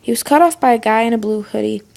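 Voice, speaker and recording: Woman with vocal fry reading a story. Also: fairly high pitch, fast talker, darkish tone. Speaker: story reader. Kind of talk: reading fan fiction aloud.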